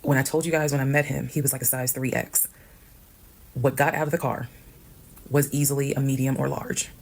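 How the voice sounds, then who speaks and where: A woman telling a personal story in a casual storytime monologue, brisk and matter-of-fact, acting out the people she quotes. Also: extremely low pitch, level tone, creaky, darkish tone. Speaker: storyteller recounting her own experience.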